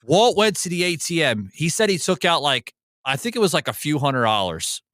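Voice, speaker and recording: A man hosting a casual podcast, telling a story in a profane and animated way. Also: on the high side, moderate pace, no room sound. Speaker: host.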